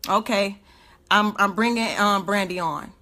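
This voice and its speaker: A woman's voice: medium pitch, a little slow, sharp tone. A woman speaking, giving an emotional, indignant livestream rant full of rhetorical questions.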